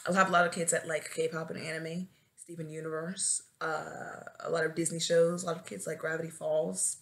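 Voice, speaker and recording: She's a podcast host in her twenties, a new teacher chatting casually on her own show. Her low, gravelly voice has a flat delivery at normal speed, yet she dramatically launches into wails and shouts for comic effect.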